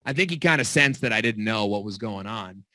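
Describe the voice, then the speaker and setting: A middle-aged man coaching on video marketing in a casual, animated way, telling stories with acted-out quotes, recorded in a home basement studio. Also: fairly low pitch, a little fast, no room sound. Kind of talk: casual teaching talk.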